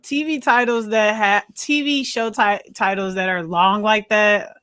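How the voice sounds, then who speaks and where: A woman co-hosting a casual film podcast, agreeable and quick to affirm and laugh. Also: mid-range voice, fairly even intonation, fairly bright tone. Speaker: podcast co-host. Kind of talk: casual chat.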